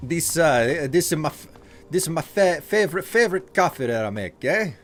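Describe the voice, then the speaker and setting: A man putting on an exaggerated Italian accent to play a boastful, excitable male barista while streaming a game. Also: fairly high pitch, normal speed, a little hiss or hum, pitched above the performer's own voice. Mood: hammy. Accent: put-on Italian. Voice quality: exaggerated accent with "eh?" and "yeah?" tags.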